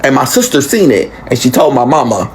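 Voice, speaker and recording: Young adult man, expressive storyteller, casual and candid, mid-pitched voice. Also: fairly quick, slight background noise. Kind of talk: storytime vlog.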